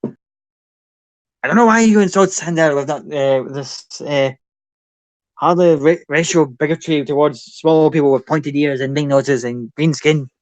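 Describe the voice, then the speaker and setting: A man's voice: a little slow, dry recording, lightly acted. A man voicing a pushy male goblin who indignantly demands a pair of shoes. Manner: indignant, shrill and loud.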